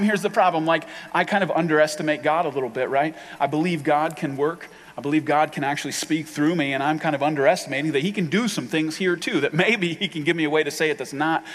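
Speaking in a fairly high, fairly bright voice, a middle-aged man delivers a sermon as pastor, loose and conversational, candid and poking fun at himself. The large rented hall gives the recording a long reverb.

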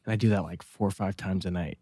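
A man's voice: low-pitched, fairly even intonation, quick pace, mellow, breathy edge, dry recording. A man co-hosting a casual podcast, telling rambling stories full of restarts and swearing. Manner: rambling, profane, storytelling with many restarts. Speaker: podcast co-host.

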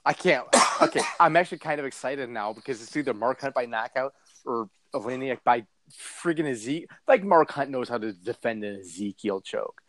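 A podcast co-host riffs through casual chat about fight news, his jokes rambling and profane. His mid-range voice is animated and a bit bright at a moderate pace, with slight background noise behind him.

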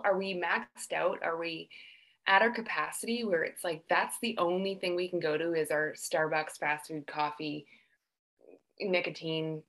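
A woman co-hosting a casual podcast, rambling and asking questions in an animated way. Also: fairly low pitch. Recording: echoey room sound.

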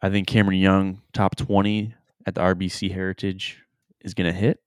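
A man's voice: low-pitched, flat delivery, normal speed, clean tone, no room sound, clean studio sound. A young man co-hosting a casual podcast, laid back and laughing often, giving sports betting picks. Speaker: podcast co-host. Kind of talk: casual chat.

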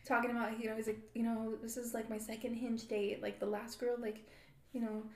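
A woman in her thirties, hosting a podcast, talks briskly in a slightly high, somewhat mellow voice that barely moves in pitch. Her storytelling is chatty, with acted-out quotes and plenty of laughter. The sound is roomy and echoey.

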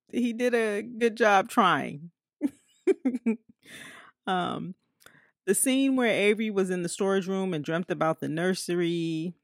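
A woman giving a casual spoken movie review, chatty and warm-hearted, laughing often and pausing with fillers. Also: lowish voice, no echo, clean studio sound.

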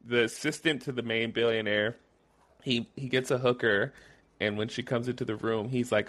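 A young man co-hosts a casual movie podcast in a voice of middling pitch. He sounds easygoing, chiming in and laughing along as he explains the story. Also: moderate pace. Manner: relaxed, chimes in, laughs along. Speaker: podcast co-host. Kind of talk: casual chat recapping movie quotes.

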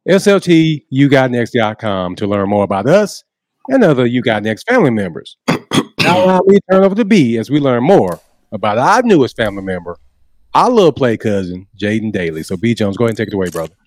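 A man co-hosts in a lively, swooping voice, reading the channel plug like a preacher calling for the offering. His voice is mid-pitched and recorded close and dry. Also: fairly quick, no echo. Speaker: show co-host. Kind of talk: scripted channel promo read.

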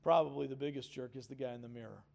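A man's voice: medium pitch, fairly even intonation, rapid-fire, vocal fry, darkish tone. A man preaching a sermon in an earnest, emphatic way, calling on the congregation to answer back. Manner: earnest, emphatic, with audience call-and-response. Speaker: pastor.

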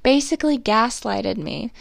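Young woman podcast host, confessional rambler, close dry mic, a bit high-pitched. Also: expressive, measured pace, vocal fry, no echo. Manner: candid, swearing, rambling oversharing. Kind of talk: confessional solo podcast chat.

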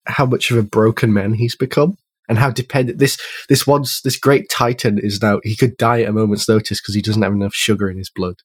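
A man's voice: fairly low pitch, fairly even intonation, a little fast, few pauses, husky, dry recording. A man chatting casually about a film, wry and joking, often laughing. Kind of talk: casual film review chat.

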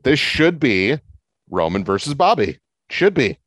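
A man's voice: measured pace, no room sound. A man co-hosting a casual wrestling podcast, talking emphatically and arguing his opinions. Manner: emphatic, argumentative, lively pitch swings. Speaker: podcast co-host.

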